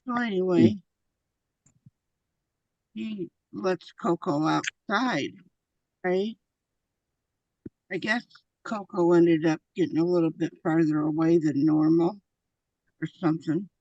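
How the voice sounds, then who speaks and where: A woman's voice: fairly low pitch, takes it slowly, long pauses, dry recording, lo-fi sound. A woman in a casual chat, telling a funny anecdote with swearing. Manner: deadpan storytelling that gets loud when mimicking.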